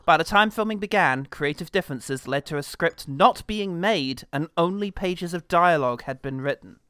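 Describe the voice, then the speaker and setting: A man co-hosts a comedy podcast, riffing in casual chat with joking mock indignation. His voice is on the high side, clear and resonant with a fairly bright tone and lively intonation, at normal speed. The recording is dry and clean, studio quality.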